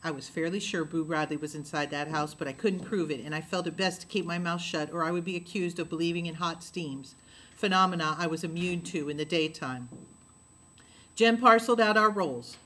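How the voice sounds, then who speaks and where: Bright-voiced woman reading a novel. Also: a little fast. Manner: steady storytelling, drops low for tags. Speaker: narrator.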